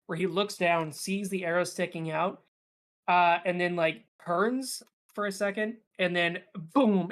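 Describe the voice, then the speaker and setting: A man's voice: sits high, fairly bright tone. A young man narrating as game master, rambling with lots of fillers and restarts.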